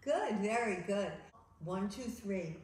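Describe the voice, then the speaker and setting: A woman reading a children's picture book aloud in an animated, sing-song way. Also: medium pitch, takes it slowly, heavy background noise. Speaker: children's storyteller. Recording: echoey room.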